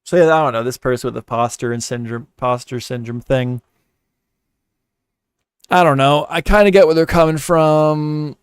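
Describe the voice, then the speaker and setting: Man, livestream host, casual profane rambling, blunt advice, smooth clear voice, dry close sound. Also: medium pitch, moderate pace, dry recording.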